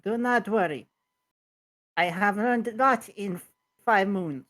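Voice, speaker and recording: A woman's voice: medium pitch, slow, a bit bright. Woman putting on a tiny nervous kobold, talks all choppy and pleading. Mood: earnest. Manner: broken grammar, frightened pleading. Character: timid little male kobold, broken speech.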